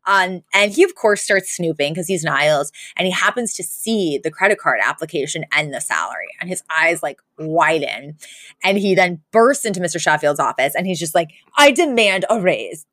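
A woman's voice: low voice, expressive, normal speed, a bit bright, no echo, clean studio sound. A young woman co-hosting a podcast in casual chat, retelling scenes with lots of laughs and fillers. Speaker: podcast co-host.

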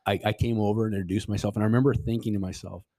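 A man's voice: fairly low pitch, steady tone, racing, dark tone, dry recording, studio quality. A middle-aged man telling a personal story as a podcast guest, rambling with restarts and quoted dialogue. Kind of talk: casual storytelling.

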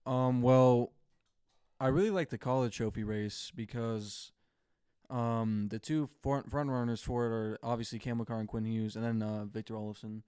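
A man co-hosting a casual sports podcast, relaxed and thinking aloud with fillers. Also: mid-range voice, moderate pace, smooth, no echo, clean studio sound. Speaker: podcast co-host.

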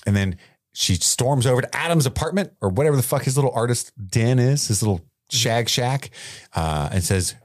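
A man's voice: mid-range voice, normal speed, no echo, studio quality. A man co-hosting a podcast, recapping an episode in casual chat, swearing and acting out the characters' lines. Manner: animated, swears, acts out quotes. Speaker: podcast co-host.

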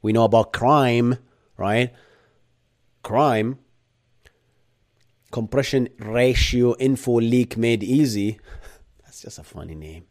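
A Bahraini man with an Arab accent hosts a live tech lecture stream and answers the chat. His voice is medium-pitched and slow with long pauses, and he's animated, swinging between loud bursts and quiet asides.

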